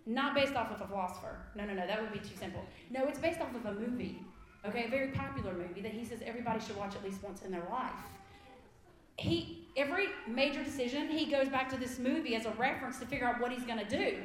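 A woman, a kindergarten teacher in her thirties, telling a comic story live to an audience in an animated, emphatic way. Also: a little high, fast. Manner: animated, emphatic, laughs through lines. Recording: echoey room.

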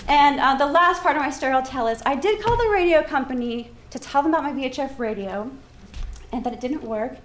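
Brief: high-pitched woman storyteller, animated, echoey hall with faint room noise. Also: fairly quick. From Alaska. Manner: lively, laughing, acts out quoted voices. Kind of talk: live personal storytelling.

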